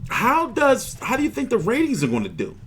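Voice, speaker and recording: A man's voice: very high-pitched, huge pitch swings, a little fast, fairly bright tone, husky. A man hosting a boxing livestream, chatting casually in a rambling, profane, frustrated way.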